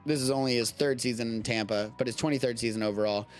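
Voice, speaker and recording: A man's voice: mid-range voice, fairly even intonation, fast talker, soft background music. A man hosting a live-streamed show from home, chatting casually about the news in a rambling, self-interrupting way with casual swearing.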